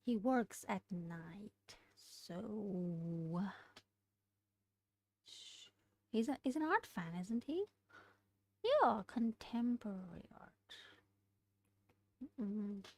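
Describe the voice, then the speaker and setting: A woman studying a language aloud, thinking out loud, hesitating and correcting herself as she works through exercises. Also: medium pitch, expressive, very slow, pauses often. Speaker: language learner streaming study session. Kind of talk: casual study-along lesson.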